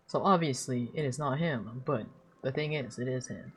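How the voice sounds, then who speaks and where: Very deep-voiced woman streamer, sarcastic. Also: moderate pace, soft background music. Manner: rambling, sarcastic, swears often. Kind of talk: casual stream commentary and story recap.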